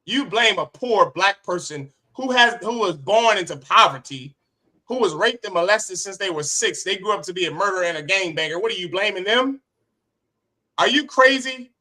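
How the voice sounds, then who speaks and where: Male preacher leading a class, fairly high bright tense voice, fiery and rhetorical. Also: moderate pace. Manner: impassioned, rhetorical, sharp swings in loudness. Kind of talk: street-preacher sermon.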